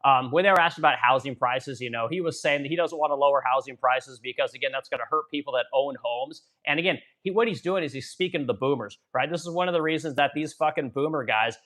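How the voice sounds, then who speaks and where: A man's voice: medium pitch, fast talker, hardly any pauses, fairly bright tone. A man in his forties from Missouri, hosting a livestream and ranting profanely about politics while reading chat comments. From Missouri, USA. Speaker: livestream host.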